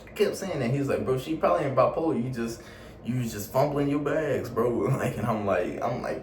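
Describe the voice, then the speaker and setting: A young man telling a casual storytime vlog in slangy, animated talk full of swearing. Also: lowish voice, brisk, distant mic, background noise. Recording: roomy echo, a bit off mic, faint ambience.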